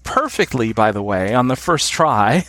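A man's voice: mid-range voice, very animated, a little slow, fairly bright tone. A middle-aged man with an American accent, a guest chatting casually in an interview, enthusiastic and chuckling often. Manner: enthusiastic, chuckles often, hums tunes while explaining. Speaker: podcast guest.

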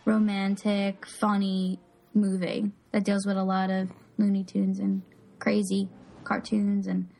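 A woman's voice: medium pitch, completely flat delivery, a little slow, creaky, dark tone, rough recording. A woman co-hosting a movie podcast, chatty and self-deprecating, with many fillers. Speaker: podcast co-host. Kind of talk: casual movie podcast chat.

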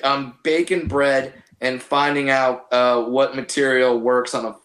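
A man, a comedian guest, chatting casually on a podcast with halting restarts and profane jokes. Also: medium pitch, level tone, a bit bright. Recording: echoey room.

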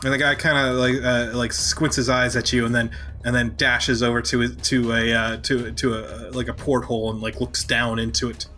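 A man narrating as game master of a tabletop game, halting and full of fillers, now and then shouting short character lines. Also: medium pitch, level tone, slight background noise.

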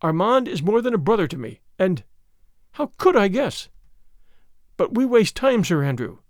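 A man's voice: sits high, big pitch swings, normal speed, dry recording, clean studio sound. A man voicing a desperate noble lady who pleads earnestly for help. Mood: pleading. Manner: pleading, urgent.

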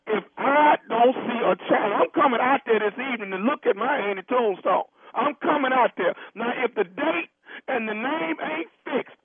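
A man's voice: very high-pitched, animated, moderate pace, slightly rough, no echo. A man on a phone call, angrily complaining and making threats over and over. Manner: angry, threatening, repeats himself. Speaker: caller complaining to a funeral home. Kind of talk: heated prank phone call. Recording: tinny phone line.

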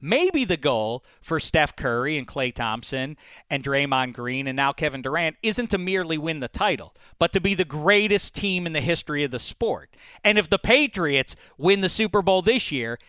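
A man hosting a casual sports debate, animated and opinionated, breaking into mocking impressions of fans. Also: a little high, normal speed, smooth, no echo. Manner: animated, puts on mock fan voices. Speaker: sports talk host.

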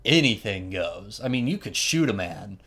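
A man hosting a podcast, telling a story in an animated, wry, casual way and laughing often. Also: on the low side, moderate pace. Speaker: podcast host.

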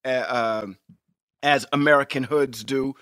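A man co-hosting a podcast in casual chat, talking in an animated, emphatic way and swearing freely. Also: medium pitch, unhurried, no room sound, clean studio sound. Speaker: podcast co-host.

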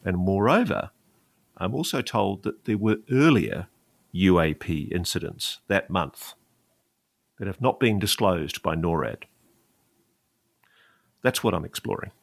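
Deep-voiced emphatic male journalist. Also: expressive, a little slow, creaky, pauses often, dry recording, studio quality. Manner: emphatic, sarcastic, mocking quoted officials. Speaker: investigative journalist guest. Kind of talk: animated interview talk.

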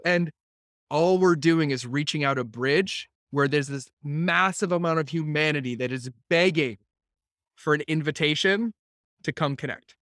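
A man with a voice pitched a little high talks to a group of entrepreneurs on a video call. He tells stories in an animated way, slipping into other voices for quotes and cursing bluntly. The sound is dry, with no room echo. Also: normal speed. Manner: animated storytelling with acted-out quotes; blunt, swears casually. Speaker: podcast host speaking to entrepreneurs. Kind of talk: casual talk to a group on a call.

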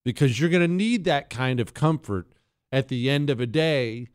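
Man, talk show host, sarcastic rant, smooth voice, dry studio sound. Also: medium pitch, animated, normal speed, dry recording. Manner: sarcastic, exasperated ranting. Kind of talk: casual monologue.

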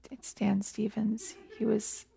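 A woman co-host making giggly, hushed asides during a comedy interview. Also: mid-range voice, slow, gravelly, husky. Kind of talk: casual comedic chat.

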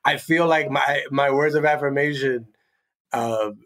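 A man's voice: mid-range voice, unhurried, fairly bright tone. A man guest-hosting a podcast, chatting casually and animatedly, often slipping into baby talk. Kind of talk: casual chat.

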